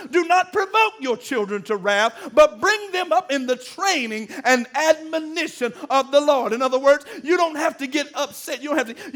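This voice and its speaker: A middle-aged pastor preaching a sermon, calling out to the congregation and building to emphatic peaks. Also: male voice, very high-pitched, a bit bright. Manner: call-and-response preaching, rising to emphatic peaks.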